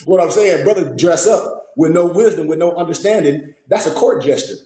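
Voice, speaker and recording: A man's voice: a little high, moderate pace, warm tone. A man lecturing a group in a blunt, scolding, profane way, full of rhetorical questions. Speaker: teacher addressing a group. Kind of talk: preaching lecture. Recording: echoey room.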